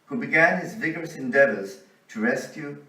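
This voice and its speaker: A man presenting at an academic conference, reading a prepared paper in a measured, deliberate way. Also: mid-range voice, sharp tone, far from the mic. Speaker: conference speaker. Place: conference lecture hall. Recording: roomy hall, voice off-mic.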